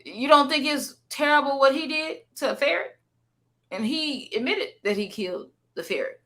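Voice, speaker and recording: A woman's voice: sits high, animated, normal speed, fairly bright tone. A woman YouTuber commenting on clips she plays, incredulous and sarcastic, repeating her points for emphasis.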